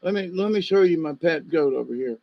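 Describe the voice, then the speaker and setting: A sly old country neighbor, as a man puts him on, with a wheedling, folksy drawl that sits a little higher than a plain voice. He keeps coaxing and sweet-talking. The sound is dull and lo-fi in a dry room. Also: animated, brisk, creaky, dry recording.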